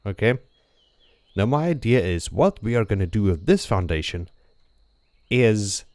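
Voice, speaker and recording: A man with a lowish, slightly mellow voice hosts a gameplay video, recorded at studio quality without any room sound. He lays out his building plans one step at a time, keeping things chatty and jokey and tossing in "okay?" again and again.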